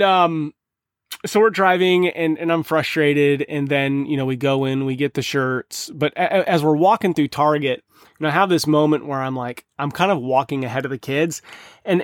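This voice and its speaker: A man's voice: on the high side, dry recording, studio quality. A man in his thirties, hosting a podcast, telling a personal story in an earnest, conversational way. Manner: earnest, conversational, with frequent restarts. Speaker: podcast host. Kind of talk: casual storytelling monologue.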